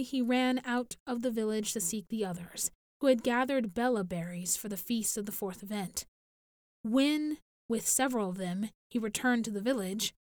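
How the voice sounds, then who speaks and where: Woman narrator, slow measured audiobook reading, fairly high voice, dry close sound. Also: a little mellow, no echo.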